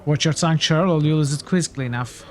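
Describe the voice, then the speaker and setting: A man's voice: fairly high pitch, fast talker, natural voice. A man voicing a proud male adventurer who speaks in a formal, haughty way. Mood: stern. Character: stiff, proud male adventurer, easily provoked.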